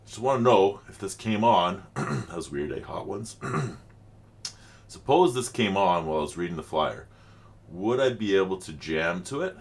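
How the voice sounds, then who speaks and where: A man's voice: low-pitched, lively intonation, a little slow. A middle-aged man, rambling chattily as he hosts a reaction vlog. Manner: rambling, chatty, frequent fillers. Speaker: channel host reacting to music.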